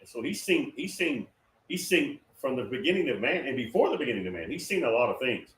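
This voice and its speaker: This is a male guest's loose, conversational telling of a prophetic dream, packed with fillers and restarts. His mid-range, slightly bright voice swings widely in pitch, and he talks fairly quickly. Faint noise and a distant, roomy mic mark the recording.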